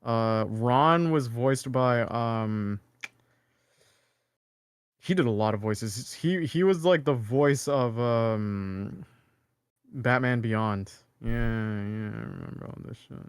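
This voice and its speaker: A man's voice: mid-range voice, slow pace, smooth, no echo, clean studio sound. A young man chatting casually as co-host, rambling with lots of fillers and restarts. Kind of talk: casual chat.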